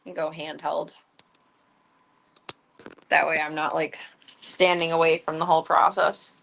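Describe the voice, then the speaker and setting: A woman streaming from her home, chatting casually and cooing at her cats in a high voice. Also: flat delivery, a little slow, creaky, a bit bright, a little hiss or hum. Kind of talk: casual livestream chat. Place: home with pets.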